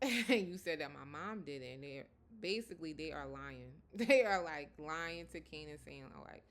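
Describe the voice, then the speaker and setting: A woman's voice: low-pitched, normal speed, fairly bright tone. A woman casually recapping a TV episode, chatty and often breaking into laughter. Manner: chatty, laughs often, lots of 'like' and 'you know'. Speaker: TV episode reviewer.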